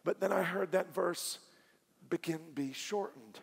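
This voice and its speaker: A man with a Southern accent preaching a sermon, moving from quiet storytelling to loud, emphatic climaxes. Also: sits high, unhurried, vocal fry, slightly rough. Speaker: pastor. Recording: long hall reverb with faint music.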